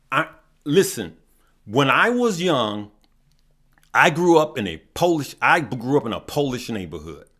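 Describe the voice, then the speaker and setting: A man's voice: mid-range voice, a bit bright. A middle-aged man speaks in a mid-range voice, hosting his own channel in an impassioned livestream talk. He preaches and tells stories in a folksy way, often repeating his phrases. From West Side of Chicago. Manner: preachy, repetitive, folksy storytelling. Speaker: stock market channel host.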